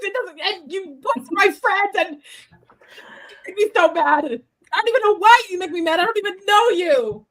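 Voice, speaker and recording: A woman voicing a furious teenage girl mage who shouts and breaks into laughter. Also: very high-pitched, lively intonation, moderate pace, low-quality recording. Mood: ranting.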